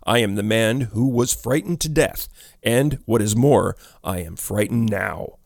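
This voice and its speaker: A man voicing a sad young male ghost who speaks quietly and slowly, with a sigh. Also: fairly low pitch, lively intonation, gravelly, no room sound, studio quality. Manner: quiet, slow, sighing.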